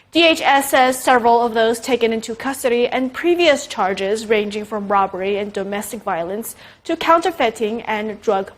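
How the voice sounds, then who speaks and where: A woman anchor reads a scripted news story in a steady, formal delivery. Her voice sits somewhat high.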